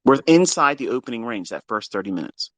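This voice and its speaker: A man's voice: mid-range voice, big pitch swings, brisk, no echo. A man giving a profane, exasperated lecture on trading to his livestream viewers. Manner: mocks listeners in put-on quotes. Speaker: trading educator.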